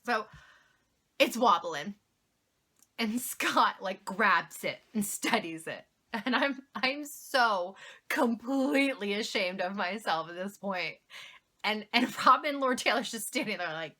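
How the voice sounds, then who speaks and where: A woman's voice: mid-range voice, lively intonation, measured pace, pushed and bright. A young woman vlogger telling a story to camera in a casual way, laughing often and poking fun at herself.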